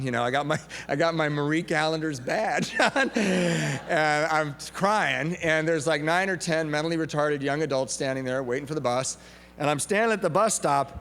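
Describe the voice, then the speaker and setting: A middle-aged man with a Southern Californian accent, speaking candidly at a recovery meeting, self-mocking and full of halting restarts. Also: fairly high pitch, a bit bright. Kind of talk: personal testimony talk. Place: large convention hall. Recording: hall echo, faint hum.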